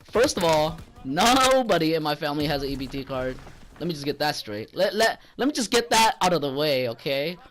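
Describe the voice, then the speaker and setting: A man's voice: on the high side, sing-song, a little fast, fairly bright tone, soft background music. A young man telling a profane, rambling story about a rude customer at work, getting heated when he quotes himself. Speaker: gaming channel vlogger. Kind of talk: casual storytelling.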